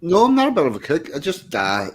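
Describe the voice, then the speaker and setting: A man chatting casually on a stream, relaxed and hesitant with many pauses. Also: a little high, breathy edge. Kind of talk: casual chat.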